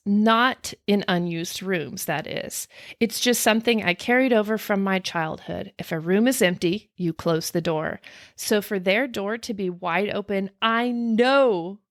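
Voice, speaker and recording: A woman podcast co-host reading listener ghost stories aloud in a casual chat, dramatic and animated, gasping and laughing along. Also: mid-range voice, unhurried, dry recording, clean studio sound. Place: home recording, remote from co-host.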